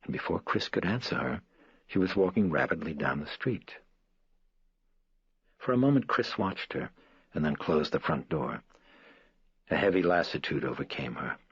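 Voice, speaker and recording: A man with a very deep, husky voice reads a horror novel in a measured, somber manner. The sound is close and dry, with slightly dull highs. Faint music sits beneath him. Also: expressive, no room sound. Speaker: audiobook narrator. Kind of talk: scripted horror narration.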